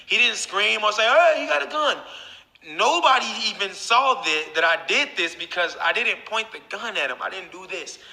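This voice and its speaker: Bright-voiced profane man, echoey room. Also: sits high, moderate pace, few pauses. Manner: profane, talks straight to viewers. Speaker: YouTuber. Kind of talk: casual storytelling to camera.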